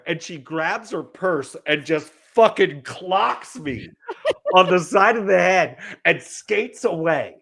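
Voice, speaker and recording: This high-pitched, creaky voice moves slowly on a dry recording. It belongs to a Californian podcast host in his forties who tells a comic story with lots of animation, cursing freely and acting out the quotes.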